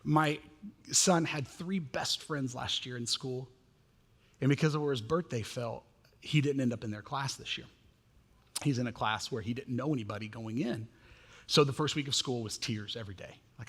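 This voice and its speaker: A man in his thirties preaching a sermon as pastor, animated and self-mocking as he tells family stories. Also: medium pitch, moderate pace, breathy edge. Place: church sanctuary. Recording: long reverb of a church hall.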